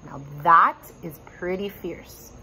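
A woman reading a children's chapter book aloud with expressive, animated storytelling. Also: on the low side, takes it slowly, slight background noise, low-quality recording. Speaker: reader.

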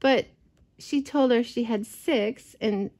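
A woman reading a picture book aloud to a child, gentle and expressive, with chatty asides. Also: on the high side, takes it slowly. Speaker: storyteller for children. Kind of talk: read-aloud storytelling to a child.

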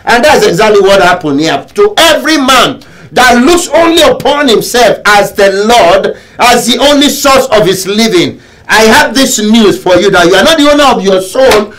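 A man preaching a sermon as pastor, emphatic and repetitive, with sudden shouts. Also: sits high, lively intonation, moderate pace, low-quality recording. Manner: emphatic preaching, repeats phrases and bursts into shouts.

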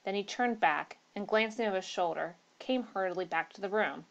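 A woman's voice: medium pitch, brisk, creaky, highs cut off. Woman reading a ghost story aloud. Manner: steady reading with slips and restarts. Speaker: narrator.

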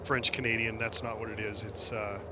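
A man's voice: fairly low pitch, level tone, brisk, dull audio, noisy background. A man hosting a casual gaming chat, blunt and teasing, laughing often. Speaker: streamer host.

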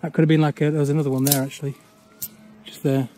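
A man, chatting casually as he walks an overgrown old railway path outdoors, often pausing on "uh". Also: a little high, flat delivery, dark tone, a little hiss or hum. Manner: chatty, with frequent "uh" pauses. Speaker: urban exploring vlogger. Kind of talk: casual walk-and-talk commentary.

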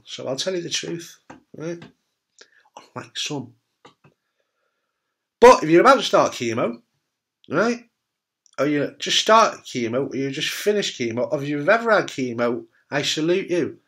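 A man's voice: on the high side, animated, moderate pace, pauses often, fairly bright tone. A man and cancer survivor, talking casually and bluntly to camera, frank and jokey with the odd swear word. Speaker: testicular cancer survivor giving advice.

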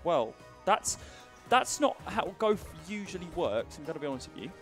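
A man's voice: sits high, sing-song, moderate pace, faint music behind. A man commentating a live game tournament with dry, playful quips. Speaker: tournament caster.

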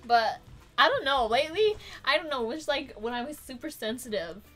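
Young woman cohost, super high voice, teasing and laughing a lot. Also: expressive, normal speed, fairly bright tone, soft background music. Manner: playful, teasing, laughs between lines. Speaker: livestream co-host. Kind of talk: casual gaming stream chat.

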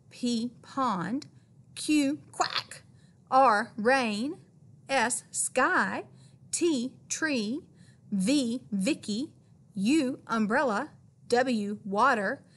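A woman reading a children's picture book aloud in a gentle, playful way, sounding out each letter. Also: a little high. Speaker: children's story reader.

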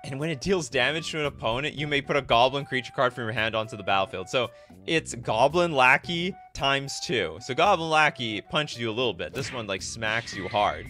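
A man's voice: medium pitch, a little fast, faint music behind. A man from Canada hosting a casual live stream, chatting in a jokey way and thinking aloud as he reads viewer messages. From Canada (Winnipeg). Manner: animated, jokey, thinks aloud while reading chat. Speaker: livestream host.

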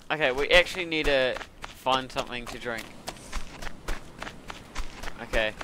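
A man giving casual commentary as he plays a game, excitable and talking to himself, with sudden yelps and laughs. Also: medium pitch, measured pace, a little hiss or hum. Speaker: gaming video creator.

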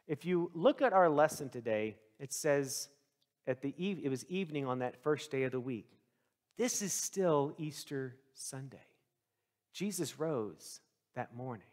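A male pastor preaching a sermon, telling the story with lively swings into the voices of the people in it. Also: on the high side, unhurried. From Texas.

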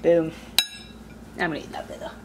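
A woman's voice: mid-range voice, normal speed, reverberant, heavy background noise. A woman vlogging casually while cooking in her home kitchen, chatty and rambling with loose restarts. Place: home kitchen with food frying. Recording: frying sizzle under the voice.

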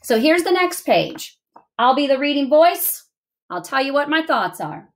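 A middle-aged woman teacher reads a picture book aloud for young children and thinks out loud as she goes. Her voice sits a little high and swoops up and down in a sing-song, expressive way. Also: a little slow. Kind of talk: remote reading lesson for young children.

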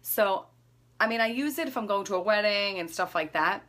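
Woman, 30s, vlogger; chatty, self-amused, bright forward tone, mid pitch. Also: expressive, brisk. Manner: chatty, rambling, laughs at herself. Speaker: beauty vlogger. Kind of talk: casual chat during a makeup routine.

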